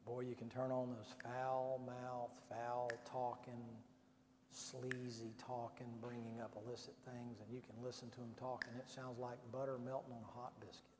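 A man's voice: medium pitch, level tone, normal speed, noisy background. A man preaching at a camp meeting, pleading and urging his listeners in an altar call. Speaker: pastor. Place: large revival meeting hall. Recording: echoey hall with piano behind. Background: piano playing softly.

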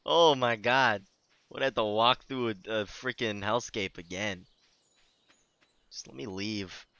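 A man's voice: on the low side, a little slow, sharp tone, smooth, dry recording, muffled recording. A young man casually narrating his game playthrough, goofy and lightly cursing as he reads game dialogue aloud. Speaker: gaming YouTuber. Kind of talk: casual let's-play commentary.

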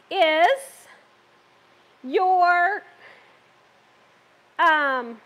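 A woman from the Southern U.S. with a high, slightly bright voice hosts a cooking livestream in her home kitchen. She's on the mend from an illness and keeps up a chatty banter with viewers, reading comments and laughing often.

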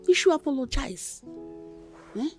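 A woman's voice: high-pitched, lively intonation, a little slow, faint music behind. A sarcastic Nigerian mother. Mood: reproachful. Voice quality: sharp, sarcastic lecturing. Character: bitter mother lecturing her daughter. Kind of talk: Nollywood film acting.

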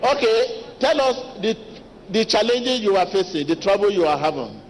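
A man preaching a sermon as pastor, talking to the congregation directly, animated and repetitive. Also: sits high, normal speed, a little hiss or hum. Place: large church hall. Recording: long church reverb with faint ambience.

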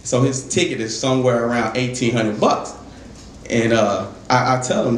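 A man's voice: mid-range voice, normal speed, slight background noise. A young man telling a loose, profane stand-up story at an open mic in a jazz club. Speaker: stand-up comedian. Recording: roomy club with faint ambience.

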